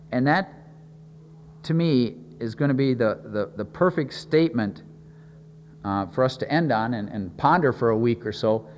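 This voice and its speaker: A man's voice: a little high, animated, normal speed, darkish tone, long reverb tail, slight background noise. A man preaching a sermon in an earnest way, often repeating words as he thinks and leaning on key words.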